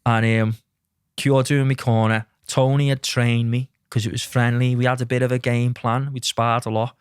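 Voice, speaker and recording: A middle-aged man, a podcast guest telling lively stories and acting out what others said. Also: mid-range voice, normal speed, smooth, dry recording, clean studio sound. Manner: lively anecdotes, acts out quotes, says mate a lot. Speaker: podcast guest, mindset coach. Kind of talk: casual storytelling chat.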